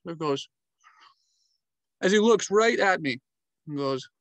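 A man tells stories from his travels in an animated, casual way, acting out the animals' sounds and movements as he goes. His voice sits a little on the high side. The sound is dry and close, with no room echo. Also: slow pace. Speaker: travel vlogger and storyteller.

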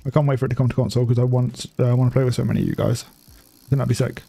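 Gravelly young streamer guy. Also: medium pitch, level tone, rapid-fire, warm tone, no echo. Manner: chatty, swears freely, laughs often. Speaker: gaming streamer. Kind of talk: casual live-stream commentary.

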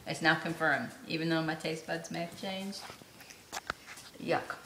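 A woman's voice: low-pitched, steady tone, measured pace, noisy background. A middle-aged mother chatting casually and teasing her kids with questions while filming a home video.

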